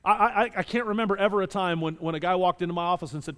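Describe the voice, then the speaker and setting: A male pastor preaching a sermon with animated delivery, moving between loud emphasis and quiet scripture reading. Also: high voice, racing, long reverb tail.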